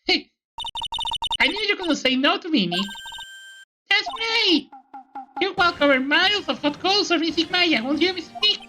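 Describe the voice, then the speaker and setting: A woman's voice: very high-pitched, huge pitch swings, a little slow, long pauses, noisy background, voice pushed up, exaggerated voice. A woman voicing a polite, devoted little girl in a let's-play of a game, using "Mister" and "Miss". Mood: eager.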